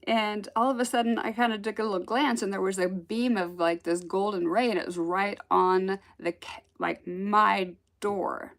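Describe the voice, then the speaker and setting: A woman telling a personal spiritual story in a casual, animated way, acting out the voices she quotes and laughing often. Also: mid-range voice, normal speed, vocal fry.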